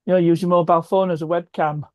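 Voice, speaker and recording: A man's voice: fairly high pitch, fairly even intonation, fast talker, no room sound, studio quality. A man at his home desk chatting with friends online and telling a joke in a storytelling way. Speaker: guest friend on the stream. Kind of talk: casual chat and joke telling. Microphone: webcam or phone setup.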